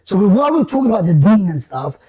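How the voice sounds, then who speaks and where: A man, casually telling a long story to friends. His voice is mellow and dark, and he slips into lively put-on voices for the people he quotes. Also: high-pitched, rapid-fire. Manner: animated, acts out quoted voices, slangy. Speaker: guest storyteller.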